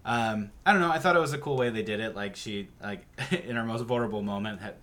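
A male podcast host recapping a TV episode in a steady narrating manner and chatting casually. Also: on the low side, fast.

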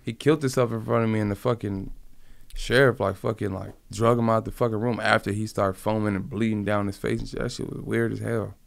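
A man's voice: on the low side, flat delivery, fairly quick, creaky, no echo. A man from Compton being interviewed, speaking in a rambling, profane, slang-filled casual way. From Compton, California. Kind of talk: casual conversational storytelling.

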